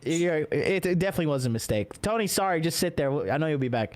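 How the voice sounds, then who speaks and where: Young man, brash podcast host, casual profane chatter, joking, slightly high voice. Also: expressive, fast talker, hardly any pauses, a little mellow. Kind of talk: casual live-stream chat.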